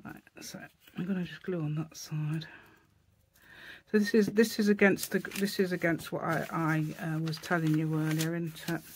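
A woman's voice: low-pitched, fairly even intonation, moderate pace, a little mellow, slight background noise. A woman hosting a casual crafting tutorial, thinking aloud as she works and often correcting herself. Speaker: craft channel host.

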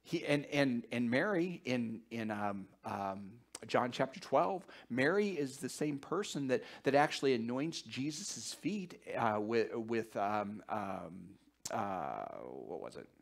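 A male pastor preaching a sermon, animated and joking, with repeated words and fillers as he thinks aloud, sometimes dropping to a hushed near-whisper. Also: medium pitch, slow, gravelly.

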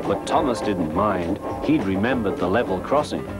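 Male storybook narrator, animated, mid pitch, loud music behind. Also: moderate pace. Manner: lively, expressive, confiding.

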